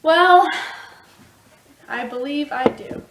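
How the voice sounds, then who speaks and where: Female guest, slow hesitant chat, slightly high, roomy off-mic sound. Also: recorded from a distance, background noise. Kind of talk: casual chat.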